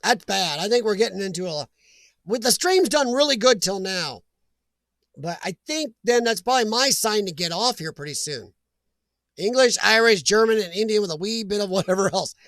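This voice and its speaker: An American man with a high, light, slightly bright voice rambles chattily through a casual live stream at a moderate pace, with lively intonation. He wanders from story to story, reading the chat aloud and greeting viewers as he goes. The sound is dry and close, with no room sound at all.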